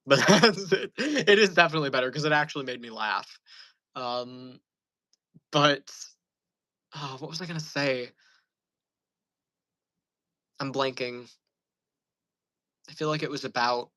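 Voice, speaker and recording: Bright-voiced man rambling casually. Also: mid-range voice, slow pace, long pauses, no room sound, rough recording. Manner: rambling, amused storytelling with frequent fillers. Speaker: channel host.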